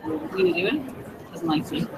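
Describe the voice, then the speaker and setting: A woman's voice: mid-range voice, lively intonation, moderate pace. A woman from Ontario with a Canadian accent, giving a bubbly, self-deprecating tech presentation at a conference. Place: busy conference floor. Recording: noisy crowd in background.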